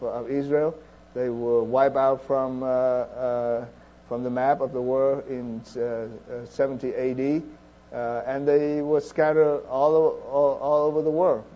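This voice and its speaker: Man, sermon, halting restarts, earnest, mellow tone, muffled recording. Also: medium pitch. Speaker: preacher.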